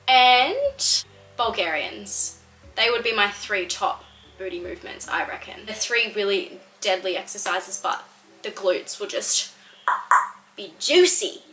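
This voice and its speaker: A woman's voice: mid-range voice, sharp tone, rough recording. A young Australian woman answering viewer questions in a casual vlog, chatty and full of "like". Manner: chatty, fills speech with "like". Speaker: fitness content creator.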